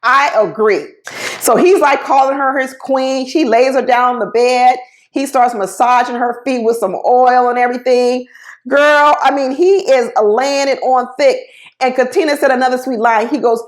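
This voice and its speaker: A woman's voice: sits high, steady tone, moderate pace. Gushing, chatty woman recapping TV. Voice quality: chatty, gushing, many fillers. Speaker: reality TV recap vlogger. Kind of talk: casual episode recap.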